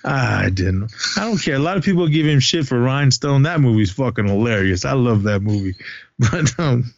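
A man's voice: medium pitch, lively intonation, moderate pace, vocal fry, a little hiss or hum. A man hosting a casual movie chat, retelling scenes in a rambling way with many restarts. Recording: dull lo-fi dry recording.

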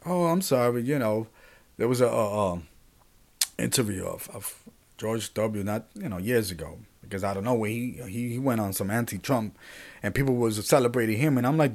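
A man's voice: mid-range voice, moderate pace, a little mellow. A man hosting his own podcast, talking casually and animatedly in a rambling monologue, often restarting sentences and speaking to his listeners. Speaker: podcast host.

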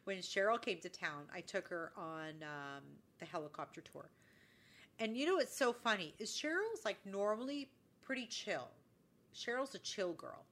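In relaxed podcast chatter, a co-host recounts a story and acts out what people said. Her voice is mid-range and fairly bright, animated, at a normal pace.

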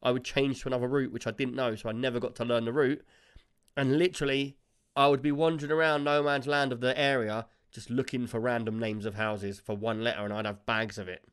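A man's voice: mid-range voice, steady tone, brisk, smooth. Rambling British man telling a story. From United Kingdom. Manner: rambling storyteller, laughs often. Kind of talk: casual banter.

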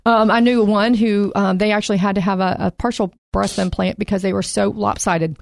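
A woman co-hosting a podcast, chatting casually through a Bible study, slowing down to read scripture and laughing easily along the way. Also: medium pitch, steady tone, vocal fry, dry recording, clean studio sound. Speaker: podcast co-host.

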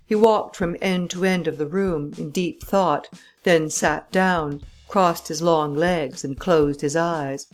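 A woman reading a classic story aloud as an audiobook narrator, in a measured, even way. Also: low voice, faint music behind. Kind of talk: scripted narration.

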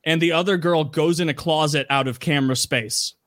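A man's voice: fairly high pitch, a little fast, fairly bright tone, dry recording, clean studio sound. A man retelling a story in casual chat, rambling, with many "like" fillers and frequent swearing.

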